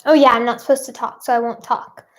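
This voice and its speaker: High, bubbly woman streamer. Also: level tone, quick pace. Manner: bubbly, reads out viewers' guesses. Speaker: livestream host. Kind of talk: playful live chat with viewers.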